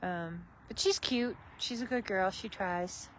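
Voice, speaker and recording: A woman's voice: mid-range voice, unhurried, a little hiss or hum, low-quality recording. A woman horse trainer chatting casually on a livestream while working outdoors at a barn, easygoing and coaxing.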